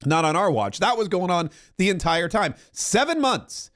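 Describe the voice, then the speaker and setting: A man's voice: high-pitched, fairly quick, a bit bright. A man from Florida hosting a political livestream, talking sarcastically and mimicking the people he quotes. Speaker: podcast host.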